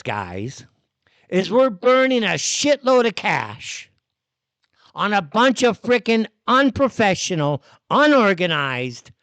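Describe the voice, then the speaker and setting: A man rants on his live show in a high, restless voice that leaps up and down. He talks bluntly and swears freely, and the sound is dry and close, with no room around it. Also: fairly bright tone, no echo. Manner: heated, blunt, swears often. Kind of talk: ranting commentary.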